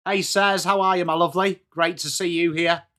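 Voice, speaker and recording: Bright, upbeat English man hosting live. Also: high voice, fairly even intonation, a little fast. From England. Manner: chatty, upbeat, greeting viewers by name. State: voice starting to go hoarse. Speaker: livestream watchalong host. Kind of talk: live chat reacting to football.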